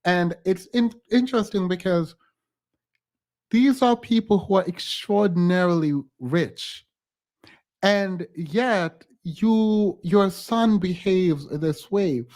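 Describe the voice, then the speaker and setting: A man with a notably high speaking voice hosts a reaction show. He is blunt and critical, breaking in with scoffing asides as he plays and comments on clips. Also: slow pace, a little mellow. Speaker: host.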